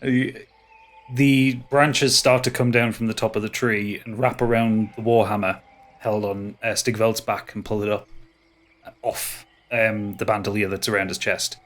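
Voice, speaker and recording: A man's voice: on the low side, little pitch movement, normal speed, fairly bright tone. A man narrating a tabletop fantasy game as game master, loosely, with fillers and restarts.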